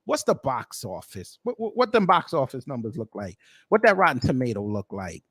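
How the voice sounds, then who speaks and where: A man's voice: medium pitch, huge pitch swings, normal speed, a bit bright, breathy edge, dry recording, clean studio sound. An American man doing reaction commentary with a sarcastic, incredulous, slangy delivery. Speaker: commentary vlogger.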